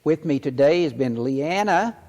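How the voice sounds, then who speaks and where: A man's voice: a little high, animated, moderate pace, darkish tone, long reverb tail. A man hosting a church interview in a playful, joking manner, laughing often. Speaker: interviewer, church program host. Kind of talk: casual interview.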